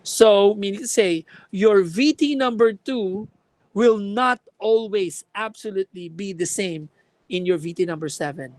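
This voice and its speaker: Woman lecturer going slow over optometry notes, checks in w the class a lot, dry close sound. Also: medium pitch, a little mellow, dry recording, rough recording. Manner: explains by example, checks with students. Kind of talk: classroom lecture on contact lenses.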